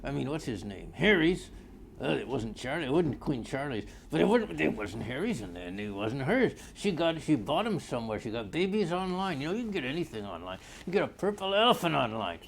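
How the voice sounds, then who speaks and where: Gravelly blustery older man ranting. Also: mid-range voice, big pitch swings, a little fast, slight background noise. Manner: rambling, blustery, easily sidetracked. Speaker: comedy character newscaster. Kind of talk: improvised comedic monologue.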